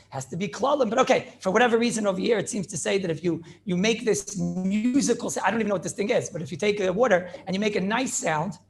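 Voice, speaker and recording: High gravelly rabbi teaching a class. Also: male voice. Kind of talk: informal Torah class. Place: classroom with students.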